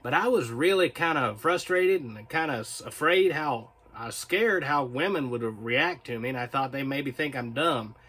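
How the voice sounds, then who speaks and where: A man's voice: mid-range voice, expressive, moderate pace, hardly any pauses, fairly bright tone, husky. A man hosting his own video channel, reading viewer comments and rambling in a casual, chatty, self-mocking way. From North Carolina, US. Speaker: video host.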